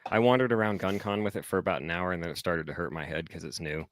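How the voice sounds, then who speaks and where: Deep-voiced podcast co-host man. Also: fast talker, fairly bright tone. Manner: rambling, laughs often. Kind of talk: casual banter.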